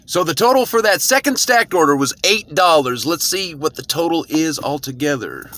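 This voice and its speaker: A man with a fairly high voice that swings widely, narrating his delivery shifts as a casual vlog. He talks in a hyped, jokey, storytelling way. Steady road noise from the car comes through clearly behind him. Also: moderate pace, few pauses. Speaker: delivery driver vlogger. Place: inside a car.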